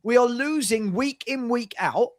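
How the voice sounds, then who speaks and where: A man hosting a live football watchalong, angrily ranting with rapid rhetorical questions and swearing. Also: very high-pitched. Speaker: watchalong host. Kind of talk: heated live-stream football rant.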